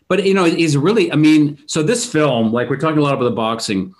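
A man talking casually about a film, retelling scene after scene. His telling is animated and full of fillers and restarts, the way friends chat about a movie. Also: fairly high pitch, fairly quick, crowd noise.

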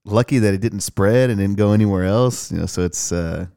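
A man's voice: fairly low pitch, fairly quick, gravelly, dark tone, smooth, dry recording, clean studio sound. A man co-hosting a podcast, chatting casually and agreeing along. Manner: laid-back, short agreeing replies. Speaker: podcast co-host. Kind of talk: casual chat.

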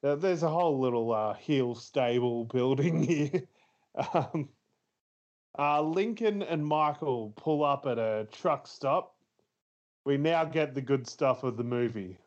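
Slow rambly guy going over a movie plot, lots of ums and laughs, kinda muffled audio. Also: medium pitch, a little mellow. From Australia. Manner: rambling, laughs often, many fillers. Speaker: podcast co-host. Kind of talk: casual movie review chat.

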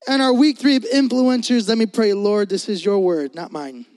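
A young man from Puerto Rico preaching a lively sermon with a high, bright voice. He is loud and playful, cracking jokes and calling out to the crowd between points. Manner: loud, joking, talks fast to the crowd. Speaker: pastor. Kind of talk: energetic youth sermon.

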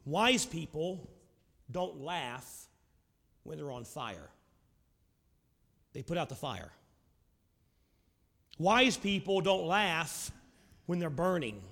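A man preaching a sermon. He asks his listeners rhetorical questions and swings from loud, emphatic lines down to low, quiet ones. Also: animated, takes it slowly, gravelly, long pauses, in a large hall. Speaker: pastor.

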